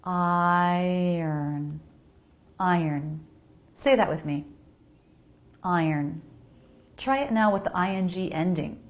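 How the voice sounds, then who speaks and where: An American woman giving a pronunciation lesson, her voice pitched a little low. She speaks slowly and deliberately, modeling each sound and repeating words for the listener to echo. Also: lively intonation. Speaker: pronunciation teacher.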